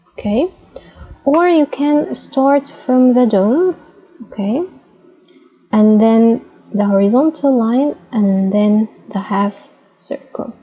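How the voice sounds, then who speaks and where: A woman's voice: on the high side, mellow, rough recording. A woman, teaching letter sounds patiently and checking in with frequent "okay?"s. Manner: patient, says "okay?" often, models sounds by repeating them. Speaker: Arabic teacher. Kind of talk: slow instructional explanation.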